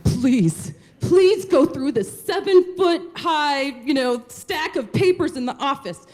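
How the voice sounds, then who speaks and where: A woman's voice: sits high, lively intonation, slow pace, a little mellow, pitched above the performer's own voice. A woman doing a begging tidy husband. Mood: pleading. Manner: begging, coaxing.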